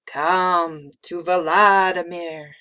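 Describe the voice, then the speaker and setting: A woman voicing a creepy tentacled male monster with an icy, hissing, drawn-out voice. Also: fairly low pitch, fairly even intonation, sharp tone, full character voice.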